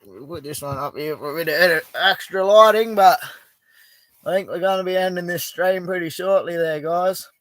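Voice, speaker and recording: With a high-sitting, fairly bright voice at normal speed and no room sound, a middle-aged Australian man hosts a casual live chat. He's from Western Australia, broadcasting from an outback bush camp, and speaks in a blunt, relaxed way with plenty of swearing.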